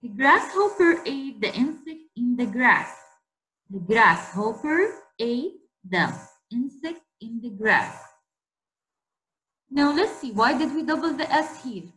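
Slow, repetitive woman teacher. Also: on the high side, sing-song, fairly bright tone, slight background noise, rough recording. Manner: slow, repeats each word, asks questions to the class. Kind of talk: online spelling lesson.

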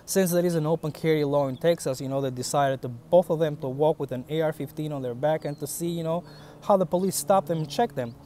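A man's voice: a little high, fast, mellow, slight background noise. A man in his thirties with a foreign accent, talking bluntly and casually to camera, swearing as he tells stories. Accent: foreign accent in English. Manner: blunt, profane, storytelling. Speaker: vlogger.

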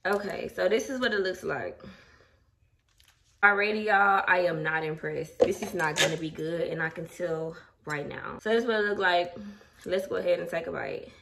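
Young woman vlogger, chatty and emotional, crisp bright tone, mic set back with faint hiss. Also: lowish voice, normal speed. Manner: chatty, talks straight to viewers, emotional. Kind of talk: casual vlog chat. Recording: distant mic, faint background noise.

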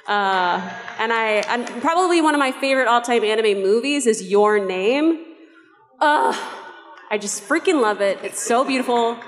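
A woman with a brightish, somewhat high voice gushes about her favorites on a convention panel. The sound carries a long hall reverb. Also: animated, normal speed. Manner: gushing, enthusiastic about favorites. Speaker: voice actor panelist. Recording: echoey convention hall through PA.

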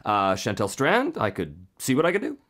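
A man's voice: mid-range voice, moderate pace. A man hosting a casual podcast interview, joking and laughing often as he reads listener mail. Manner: jokey, laughs often, animated when reading letters aloud. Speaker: podcast host.

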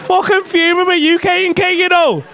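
A male stand-up comedian, doing loud, sweary crowd work with the front row in a comedy club. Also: very high voice, steady tone, a little fast, gravelly. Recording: live club recording with crowd noise. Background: laughing audience.

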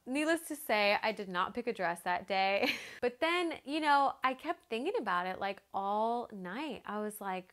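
A woman in her thirties, a fitness vlogger, telling a story in a casual vlog, chatty and animated, full of "like" fillers and acted-out quotes. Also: on the high side.

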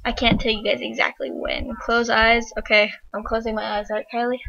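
A woman's voice: on the high side, flat delivery, fairly quick, vocal fry, sharp tone. A teenage girl hosting a gaming channel, chatting casually and giggling while she plays. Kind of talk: casual gameplay chat. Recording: muffled lo-fi home mic with hiss.

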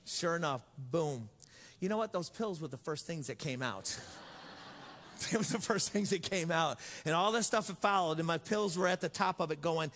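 A man's voice: a little high, expressive, normal speed, a bit bright, big-room sound. A man preaching a sermon as pastor, telling stories with jokes and acting out voices. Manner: storytelling, joking, acts out voices.

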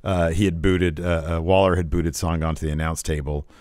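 A man with a low, deep voice chatting casually as a podcast co-host, breaking into laughter and riffing on jokes as he recaps matches. The recording is dry and close, with no room sound. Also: brisk, dry recording. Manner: laughs often, animated and joking. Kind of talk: casual wrestling recap chat.

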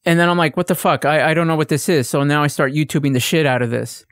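On a casual podcast, a male co-host rants and swears through a story, acting out exchanges in a raised voice. He talks fast, and his voice is a little high, a bit bright, and smooth.

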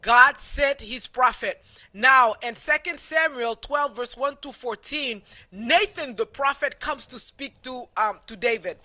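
High bright-voiced man teaching Bible lesson. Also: a little slow. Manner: preachy, loose and repetitive, with many fillers. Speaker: Sabbath School teacher.

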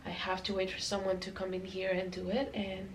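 A woman's voice: mid-range voice, completely flat delivery, a little fast, slight background noise, rough recording. A young pregnant woman chatting to viewers while she tidies a nursery, a little out of breath, recorded on a camera on a tripod. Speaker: vlogger. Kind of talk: casual vlog chat. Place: nursery room at home.

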